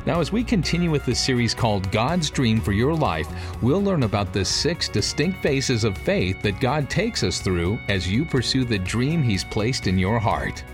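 A man reading the scripted opening of a radio ministry broadcast in a smooth promotional style. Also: mid-range voice, very animated, moderate pace, hardly any pauses, music in the background. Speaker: radio program announcer.

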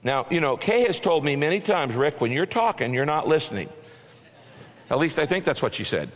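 A man's voice: on the high side, big pitch swings, a little fast. Man preaching in an echoing hall. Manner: folksy, conversational preaching with everyday examples. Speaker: pastor. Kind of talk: sermon. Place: church sanctuary. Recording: long reverb of a large hall.

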